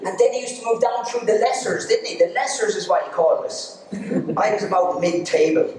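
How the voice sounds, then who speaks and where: A man's voice: high-pitched, brisk, very noisy. Cheeky Irish man telling comic stories. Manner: cheeky, teasing, playful. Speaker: stand-up storyteller. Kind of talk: live comic storytelling. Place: arts centre stage. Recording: echoey hall, distant mic.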